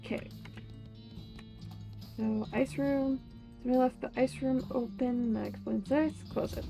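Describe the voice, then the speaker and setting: A woman's voice: high voice, fairly even intonation, unhurried, gravelly. A woman streaming a video game, making wry, mumbled asides between lines of dialogue. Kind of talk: casual game let's-play. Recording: faint game music behind.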